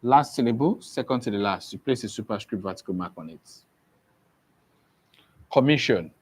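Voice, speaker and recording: A man's voice: on the low side, animated, moderate pace, slightly rough. A man giving an exam-prep lesson who keeps asking the class questions and repeating key points. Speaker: teacher.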